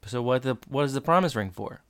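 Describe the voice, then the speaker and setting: A man co-hosting a casual podcast recap at an ordinary middle pitch. He teases his partner, cuts in with questions and jokes, and then takes over the storytelling in an easy, offhand way. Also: expressive, quick pace, clear, resonant tone. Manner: teasing, conversational, jumps in with jokes and questions. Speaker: podcast co-host. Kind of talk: casual chat, episode recap.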